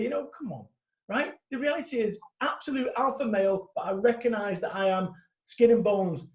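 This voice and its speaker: Man in his forties, blunt, animated, high-pitched, echoey room. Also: brisk. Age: 40s. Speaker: guest speaker. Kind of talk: casual interview talk.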